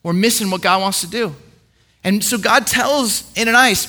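A young man with a high, bright voice gives a sermon as a story, putting on the voices of the people in it. He often repeats his words as he goes, and his tone stays clear and ringing. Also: normal speed. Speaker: preacher.

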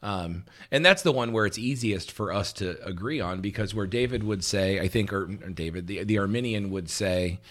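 A man co-hosting a relaxed talk show, explaining points patiently and checking in with "right?" between them. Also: on the low side, moderate pace, hardly any pauses. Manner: relaxed, with frequent "um" and restarts, laughs easily. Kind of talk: casual teaching conversation.

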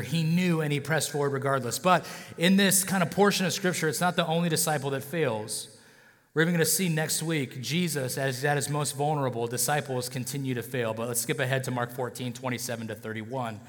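Joking pastor preaching in a reverberant hall. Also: male voice, on the high side, a bit bright. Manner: casual, joking, checks in with "okay?" and "right?". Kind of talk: sermon.

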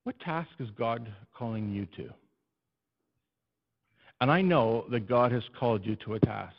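A male preacher giving an animated, storytelling sermon and addressing his congregation in a church. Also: mid-range voice, measured pace, vocal fry. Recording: dull, muffled recording.

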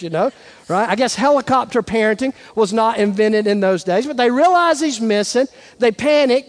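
A man's voice: very high-pitched, darkish tone. A man pastor delivering a sermon, talking conversationally and asking rhetorical questions. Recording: reverberant hall.

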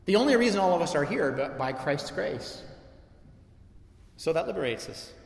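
A man's voice: fairly high pitch, sing-song, moderate pace, gravelly. A middle-aged man preaching to his church, conversational yet impassioned, driving points home with repetition. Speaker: pastor. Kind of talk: sermon. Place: church sanctuary. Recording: echoey hall with long reverb.

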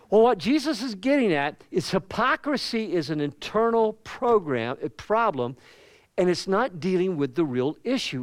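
A pastor with a Southern US accent preaching a sermon in a conversational way, with asides and questions to the congregation. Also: male voice, sits high, dry recording. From American South.

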